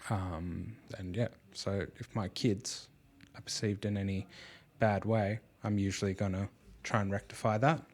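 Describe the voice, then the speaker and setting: A man's voice: fairly low pitch, fairly even intonation, measured pace, darkish tone. A man and father hosting a podcast, talking casually and rambling with lots of fillers and restarts. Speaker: podcast host.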